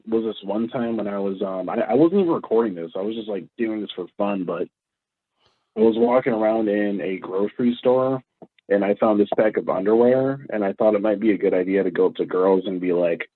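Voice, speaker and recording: A low-voiced man with a husky tone tells rambling stories, tripping over his words as he goes. The sound is tinny and narrow, like a phone call, with no room echo. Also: normal speed. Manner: rambling, stammering anecdotes with acted-out quotes. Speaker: guest, former prank video maker. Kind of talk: casual interview storytelling.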